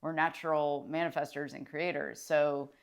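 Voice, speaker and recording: A woman's voice: low-pitched, little pitch movement, normal speed, vocal fry. A woman, a social worker, talking casually and enthusiastically to camera about mindset, rambling with fillers and restarts. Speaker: licensed clinical social worker and mindset vlogger. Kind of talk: casual motivational talk to camera.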